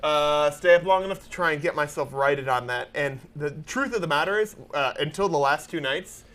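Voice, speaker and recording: A man's voice: a little high, fairly quick, fairly bright tone. A man hosting a casual talk show, tired and chatty, laughing often and rambling with restarts. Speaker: show host. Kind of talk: casual chat.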